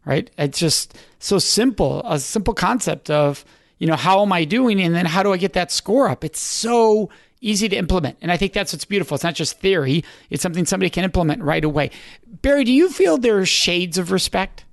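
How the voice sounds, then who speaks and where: A man's voice: high voice, lively intonation, a little fast, creaky, no room sound, studio quality. A man hosting an interview podcast, reflecting on and affirming his guest's points. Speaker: podcast host. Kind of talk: interview chat.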